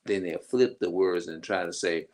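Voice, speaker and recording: A man's voice: sits low, normal speed, a little mellow. A middle-aged man in a rambling, emphatic casual monologue, swearing freely as he vents. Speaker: vlogger.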